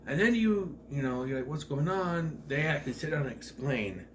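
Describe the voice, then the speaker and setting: A man's voice: medium pitch, very animated, brisk, a little hiss or hum. Rambling man reviewing a movie. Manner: rambling, forgets names, clears throat. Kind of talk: casual spoiler review.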